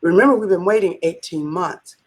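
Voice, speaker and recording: A woman guest in a conversational interview, telling a story in an animated way and acting out the quotes. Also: lowish voice, brisk, slightly rough. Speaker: business leader, interview guest.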